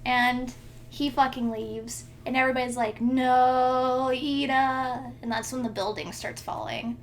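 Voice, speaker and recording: A woman's voice: on the high side, steady tone, moderate pace, slight background noise. A young woman co-hosting a podcast, animatedly retelling a fanfic with frequent laughter. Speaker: podcast co-host. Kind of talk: casual chat, retelling a fanfic.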